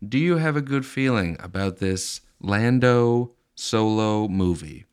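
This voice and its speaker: A man's voice: lowish voice, lively intonation, a little slow, darkish tone, clean tone. A man co-hosting a podcast in casual chat, playful and often laughing as he talks. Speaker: podcast co-host.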